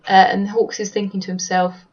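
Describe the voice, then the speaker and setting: A woman's voice: medium pitch, level tone, a little fast, highs cut off. A woman co-hosting a podcast, casually recapping a manga chapter panel by panel and reading character lines aloud, sometimes stumbling over words. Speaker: podcast co-host.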